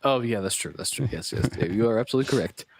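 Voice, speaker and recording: A man's voice: medium pitch, rapid-fire, no room sound. A young man co-hosting a casual live stream, joking and slangy with lots of "like" fillers. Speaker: co-host.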